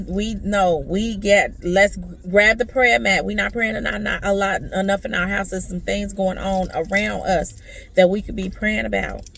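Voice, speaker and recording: A woman's voice: mid-range voice, vocal fry, fairly bright tone. A middle-aged woman talking as a mother in an emotional personal vlog, earnest and preachy, restarting and repeating herself often, speaking from a parked car. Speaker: vlogger and mother.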